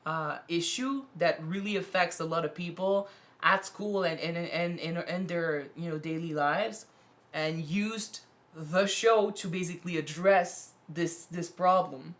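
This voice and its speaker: A woman with a somewhat low voice chats casually in English, which is not her first language. She talks earnestly and rambles, often restarting and filling gaps with "you know." Her voice is starting to give out. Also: steady tone, a little slow. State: losing her voice. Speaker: reaction video co-host. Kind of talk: casual chat.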